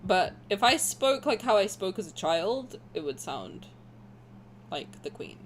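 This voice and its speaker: A woman in her twenties with a posh southern English accent, streaming a game and chatting through it in rambling, animated asides. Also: mid-range voice, a little slow, a little hiss or hum. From south of England. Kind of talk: gaming commentary and reading aloud.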